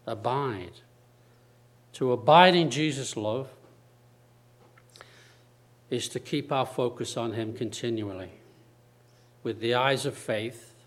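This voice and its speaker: Slow, deliberate male preacher. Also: medium pitch. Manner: slow, deliberate preaching with repeated phrases and dramatic pauses. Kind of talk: sermon.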